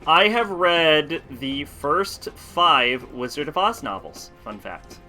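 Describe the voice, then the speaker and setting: A man's voice: fairly high pitch, animated, slow pace, bright, forceful tone, soft background music. A man streaming a video game, chatting casually and telling rambling, profane stories. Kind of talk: casual chat while playing.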